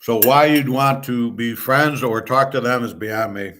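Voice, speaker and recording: A man's voice: medium pitch, fairly even intonation, measured pace, fairly bright tone, slight background noise. A middle-aged man from the United States, hosting a betting show and telling a rambling story in a blunt, profane, indignant way. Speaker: sports betting show host.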